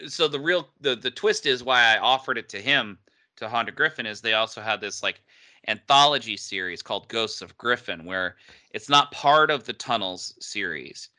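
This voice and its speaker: A man's voice: mid-range voice, animated, moderate pace, pushed and bright. A man co-hosting a casual podcast chat, joking and laughing often as he talks about his audio drama project.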